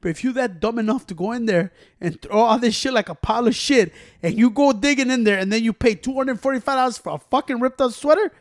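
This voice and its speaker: Fast-talking high-voiced man ranting. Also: no room sound, clean studio sound. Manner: rapid Spanglish code-switching, profane, heated ranting. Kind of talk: casual chat.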